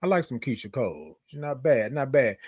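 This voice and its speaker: A man's voice: medium pitch, sing-song, darkish tone, slightly rough, dry recording, studio quality. Chatty livestream host, man. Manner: chatty, greets viewers by name, drawn-out sung "good morning". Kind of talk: casual livestream talk. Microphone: microphone close to face.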